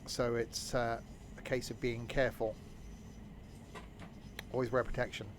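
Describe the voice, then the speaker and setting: A man's voice: medium pitch, little pitch movement, measured pace, noisy background. A young man chatting casually as he streams a game, joking and narrating what he does. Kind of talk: casual gameplay commentary.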